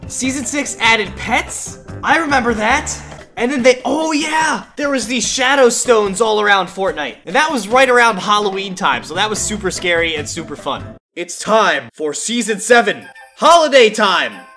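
A gaming YouTuber giving excited reaction commentary, chatty and reminiscing, bursting into shouts and exclamations. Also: medium pitch, moderate pace, faint music behind.

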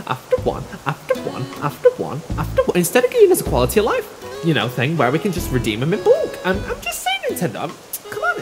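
A man hosting a let's play, commenting in a sweary, animated way. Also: on the high side. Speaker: gaming channel host. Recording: roomy reverb with game music behind.

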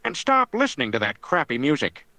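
A man's voice: fairly high pitch, huge pitch swings, brisk, bright, forceful tone, dry recording, full character voice. A text-to-speech voice playing a grumpy older man who scolds and bosses people around. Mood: scolding. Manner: scolding, bossy and easily annoyed. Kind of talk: text-to-speech chatbot character.

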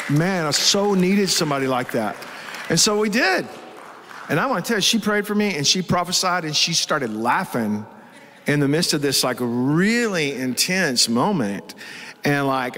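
A man's voice: on the high side, animated, moderate pace, sharp tone, big-room sound. A man preaching a sermon as pastor, telling a story with strong emotion. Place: church hall with live congregation.

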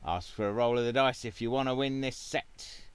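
A man's voice: mid-range voice, steady tone, moderate pace. A man hosting a casual gaming video at home, rambling and wry with plenty of fillers. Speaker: gaming channel host.

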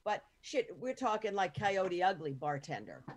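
A woman's voice: medium pitch, big pitch swings, moderate pace, slight background noise. An American woman in her fifties hosting a podcast, chatting frankly with swearing and restarts. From United States. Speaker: podcast host. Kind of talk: casual podcast chat.

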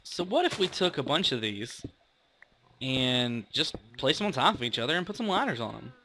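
A man's voice: mid-range voice, big pitch swings, moderate pace, sharp tone. A young man hosting a casual gaming video, rambling and chatty as he plays and pokes fun at himself. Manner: rambling, chatty, self-mocking. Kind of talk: casual let's-play commentary.

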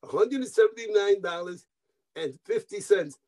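An older man from New York, an interview guest telling animated stories, repeating words, mixing in Spanish phrases and acting out the voices of people he quotes. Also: high voice, normal speed, rough recording. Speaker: guest musician. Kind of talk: anecdotal interview storytelling.

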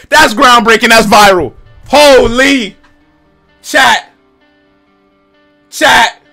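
Young male streamer, high gravelly voice, shouts reactions, music behind him. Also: moderate pace, long pauses. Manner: excitable, shouting at the screen. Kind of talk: live video reaction.

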